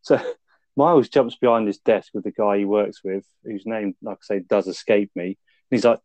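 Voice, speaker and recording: A man's voice: fairly low pitch, fairly even intonation, normal speed, darkish tone, dry recording. A man casually retelling film scenes on a review podcast, swearing freely and laughing as he goes. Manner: laid-back, swears a lot, laughs while retelling scenes. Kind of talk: casual chat, recapping a film.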